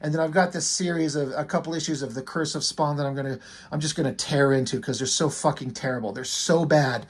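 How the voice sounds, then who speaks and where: A man's voice: a little high, quick pace, slightly rough. A man talking casually and with enthusiasm as he reviews a comic, rambling a little and using lots of fillers.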